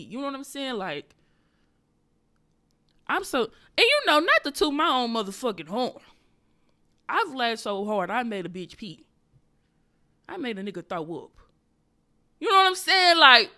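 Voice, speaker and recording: A woman comedian hosts her own podcast and talks through her story in a loose, profane monologue. Her voice is bright and forceful. She jumps from loud, punchy bursts to quiet, muttered side remarks. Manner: profane, animated, switches between loud bursts and low muttering.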